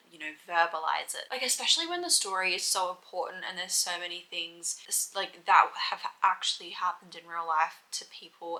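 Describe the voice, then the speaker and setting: Bright-voiced young woman rambling casually. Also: on the low side, poor audio. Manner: rambling, emotional, many "like" fillers. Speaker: book vlogger. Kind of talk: casual reading vlog chat. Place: at home.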